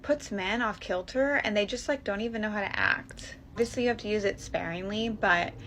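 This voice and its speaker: A woman's voice: mid-range voice, a little fast, a bit bright, slight background noise. A woman giving playful dating tips in a chatty way, with many fillers, in a played clip. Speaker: dating advice creator. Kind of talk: casual advice clip.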